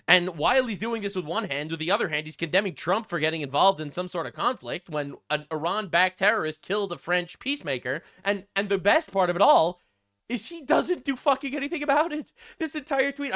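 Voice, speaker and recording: A man's voice: extremely high pitch, expressive, fairly quick, sharp tone. A man ranting in a political commentary vlog, profane and sarcastic, getting heated.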